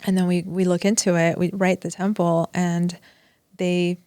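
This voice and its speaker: A woman's voice: fairly low pitch, moderate pace, no echo, studio quality. A woman guest on a podcast, telling a personal family story in conversation and acting out past exchanges. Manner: animated, acts out past dialogue.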